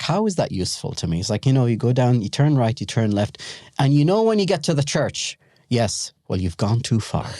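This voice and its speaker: A middle-aged man from the Gulf region, a podcast guest telling stories in a casual, animated way, laughing and acting out the dialogue. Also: mid-range voice, dry recording, clean studio sound. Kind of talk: casual storytelling.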